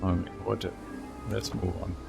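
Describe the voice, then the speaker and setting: A man's voice: low-pitched, little pitch movement, normal speed, creaky, loud music behind the voice. A man playing a strategy game, reading event text aloud with a storyteller's lilt and muttering asides between events. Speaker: let's play streamer.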